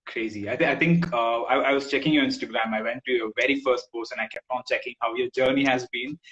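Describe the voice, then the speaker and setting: A male host interviewing a rapper over a video call, laid-back, with halting restarts and frequent agreeing backchannels. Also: medium pitch, steady tone, fairly bright tone, lo-fi sound.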